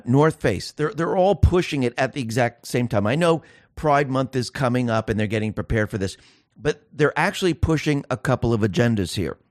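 Brief: male commentary host, mid-pitched, emphatic monologue, dry close sound. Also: no room sound. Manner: emphatic, repetitive, rhetorical questions. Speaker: show host.

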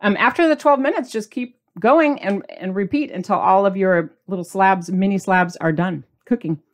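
A woman's voice: mid-range voice, moderate pace. A middle-aged woman hosting a casual cooking video, bubbly and chatty, sometimes talking while she eats. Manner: bubbly, chatty, talks with mouth full while tasting. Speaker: cooking channel host.

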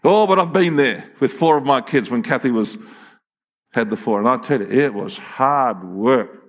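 A man's voice: mid-range voice, expressive, fairly quick. A man, preaching a sermon in a folksy, emphatic storytelling way with frequent restarts. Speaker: pastor.

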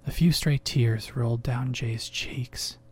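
Slow, measured male horror narrator. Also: mid-range voice, fairly even intonation, husky. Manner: slow, measured, dropping to whispers.

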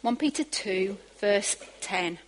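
Woman preacher, sermon, animated, emphatic bursts. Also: mid-range voice, slow pace, a little hiss or hum, rough recording.

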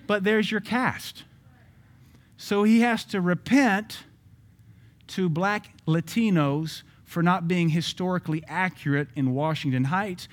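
A man giving opinionated social commentary from a Christian view, speaking emphatically with many repeated rhetorical questions. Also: a little high.

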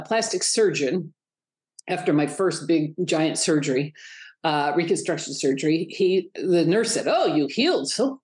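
A middle-aged woman speaks as a guest in an interview, her voice sitting a little low. She tells stories with animation and jumps up high when she mimics the people in them. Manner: animated, acts out quoted voices in a high pitch. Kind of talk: storytelling interview talk.

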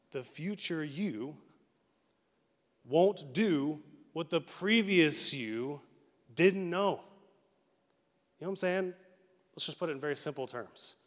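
A man in his thirties preaching a sermon as pastor, casual and animated, slipping into quick acted quotes. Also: on the high side. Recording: long reverb of a large hall.

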